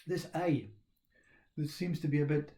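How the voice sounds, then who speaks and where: A man, talking in a rambling, reflective monologue, laughing often and halting with fillers. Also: a little high, vocal fry, mellow. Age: 60s.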